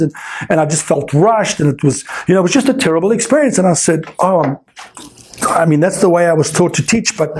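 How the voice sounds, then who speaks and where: Middle-aged man, high-pitched, dive instructor type, spins an emphatic story full of acted-out dialogue and fillers. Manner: animated, emphatic, acts out quoted dialogue; frequent fillers and repeated words. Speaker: scuba diving instructor. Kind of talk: storytelling anecdote.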